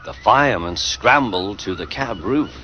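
A man's voice: on the low side, lively intonation, unhurried, slight background noise. A man narrating a crude parody of a children's train story and putting on voices for the characters. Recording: dull lo-fi audio with loud music.

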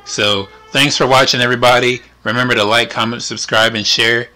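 A man's voice: mid-range voice, fairly even intonation, brisk, sharp tone, soft background music. A man hosting his gaming channel, talking casually over gameplay and rambling with lots of fillers and trailing thoughts. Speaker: channel host.

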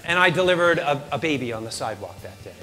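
A man giving a motivational talk on stage, telling a personal story in an animated, self-deprecating way and acting out his own lines. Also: fairly high pitch, fast talker, long reverb tail, soft background music. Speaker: motivational speaker.

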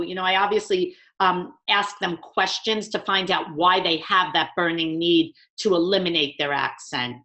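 A woman's voice: on the low side, measured pace, a bit bright. Emphatic woman with a New York accent. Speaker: communication trainer. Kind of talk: webinar conversation.

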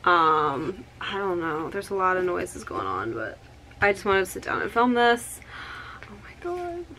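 A woman in her early twenties chatting through an excited unboxing vlog, gushing with many exclamations. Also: on the low side, normal speed, a little hiss or hum. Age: 20s. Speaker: vlogger. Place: home room with outdoor yard noise.

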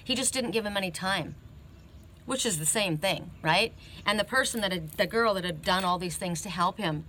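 A sharp-toned woman with a mid-range voice is giving an oracle card reading. The account wanders casually; she often stops and restarts her sentences, tagging them with "you know" and "right?".

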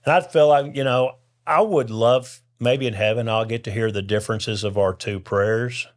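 A man in his 60s with a mid-range voice speaks at normal speed as a podcast guest, sharing his personal faith testimony. He's a lively storyteller who acts out the people he quotes.

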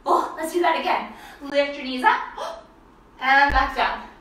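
A woman leads children through yoga poses in a high, bright voice that is slow and sing-song. She cheers and makes playful animal sounds. She sounds a little way off the mic in a very echoey room. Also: animated, far from the mic. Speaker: kids' yoga teacher.

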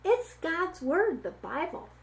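A woman's voice: very high voice, big pitch swings, slow, pitched above the performer's own voice, full character voice, rough recording. A woman reading as a kindly old granny. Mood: gentle. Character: kindly old grandmother who tends the sick.

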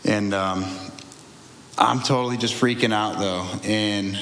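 A man's voice: fairly low pitch, fairly even intonation, takes it slowly, fairly bright tone. A young man telling his own testimony in a candid, rambling conversational way, often restarting and laughing through hard memories. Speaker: guest sharing a testimony. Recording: echoey room with faint ambience.

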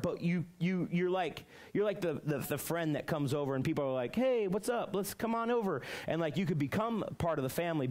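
A young man preaching to middle schoolers as a youth pastor, telling a story with lots of fillers and then turning to teaching. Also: high-pitched. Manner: animated storytelling, many fillers. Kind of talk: youth sermon with personal story.

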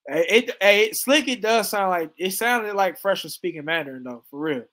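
A man giving joking, animated reaction commentary as a stream host, laughing often. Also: high voice, normal speed.

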